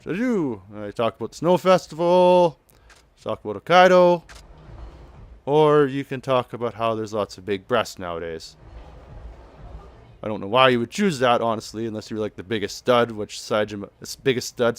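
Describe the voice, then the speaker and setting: A let's play commentator gives loose, chatty commentary on a game, laughing often and summarizing the characters' lines. His voice is lowish and a bit bright, at a fairly quick pace.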